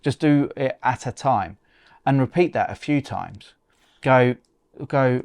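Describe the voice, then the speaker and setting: A man co-hosting a podcast, giving practical advice in a relaxed, chatty way and often restarting words. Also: mid-range voice, moderate pace, dry recording, clean studio sound. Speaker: podcast co-host. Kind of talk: casual advice chat.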